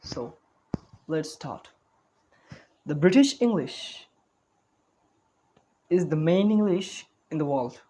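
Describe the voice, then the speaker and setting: A man's voice: a little high, expressive, takes it slowly, long pauses, warm tone, low-quality recording. A man giving an online spoken English lesson, talking carefully, repeating words and correcting himself as he goes.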